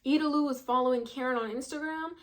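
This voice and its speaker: Young woman, casual recap, slangy and chatty, slightly high voice. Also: quick pace. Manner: chatty, slangy, acts out quotes. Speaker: reality show recapper.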